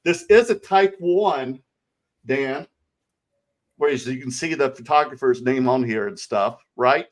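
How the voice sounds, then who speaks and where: A middle-aged man with a Southern US accent, co-hosting a casual card collecting livestream, greeting viewers with loud sing-song shout-outs. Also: medium pitch, measured pace. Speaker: co-host of a card collecting show.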